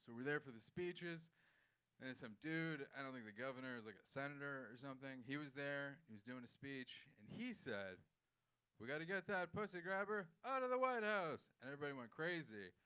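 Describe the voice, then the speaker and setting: A man's voice: medium pitch, a little fast, sharp tone, clear, resonant tone. A man doing a loose, conversational stand-up set on a comedy club stage, acting out voices in his stories.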